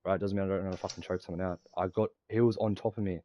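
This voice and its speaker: This is a young Australian man in a loose, profane gaming rant. His voice sits low and dark in tone. He talks at a rapid clip and rambles from one grievance to the next. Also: fairly even intonation. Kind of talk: casual rant while gaming.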